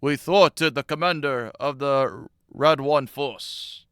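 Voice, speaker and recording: A man's voice: mid-range voice, slow pace, a bit bright, smooth, no echo, clean studio sound. A man voicing a stern middle-aged male politician who gives an address in a put-on foreign accent. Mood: stern, declaiming.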